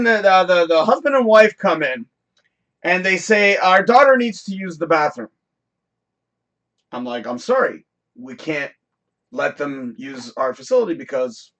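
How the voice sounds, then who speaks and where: A man hosting a live talk show, telling a work story in a casual, profane, animated rant that now and then bursts into shouting. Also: a little high. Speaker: podcast host.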